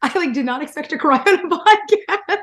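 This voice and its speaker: A woman from Canada with a high voice talks casually as a podcast guest. She giggles often and fills her speech with "like.". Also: expressive, moderate pace, fairly bright tone. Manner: giggly, gushing, full of "like" fillers. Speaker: guest author.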